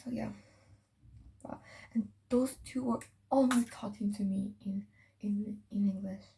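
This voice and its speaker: A woman's voice: mid-range voice, fairly even intonation, measured pace, creaky, warm tone, slight background noise, rough recording. Chatty teen girl with a slight French accent. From France. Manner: chatty, rambling, often dropping to a whisper. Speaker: vlogger. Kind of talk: casual chat while doing skincare. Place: home bathroom.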